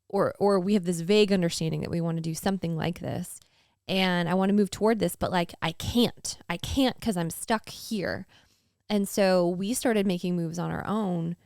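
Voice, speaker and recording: A woman's voice: on the low side, fairly even intonation, moderate pace, gravelly, darkish tone, clean tone, dry recording, studio quality. A woman in her thirties, co-hosting a faith podcast, talks in an earnest, rambling way with many fillers. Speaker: podcast co-host. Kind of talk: candid faith podcast conversation.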